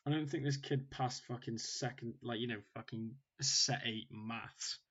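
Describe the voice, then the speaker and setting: A man's voice: mid-range voice, measured pace, breathy edge. A man telling a story in casual chat, swearing constantly and getting more heated as he goes. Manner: swears constantly, animated, mimics others in rising outbursts. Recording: slightly dull lo-fi sound.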